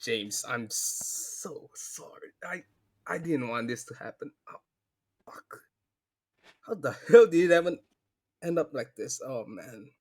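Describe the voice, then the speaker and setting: A man voicing a shaken, defensive teenage boy character who explains things haltingly and nervously. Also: medium pitch, close to an everyday voice. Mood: grief-stricken.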